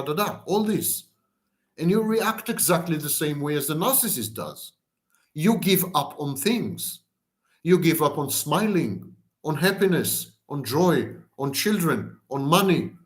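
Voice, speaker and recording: A man giving an explanatory lecture, piling words into long rhythmic lists. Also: fairly high pitch. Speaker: lecturer on narcissism.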